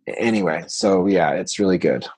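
A man's voice: low voice, moderate pace, darkish tone, slightly rough, no echo. A man in his forties talking as a podcast guest over a remote call, rambling with lots of "like" fillers. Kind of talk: casual conversation. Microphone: remote call recording.

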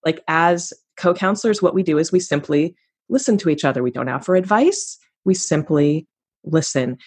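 A woman's voice: sits low, normal speed, a little mellow, slightly rough. A woman hosting a podcast interview, speaking with effusive enthusiasm. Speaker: podcast host. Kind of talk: interview conversation.

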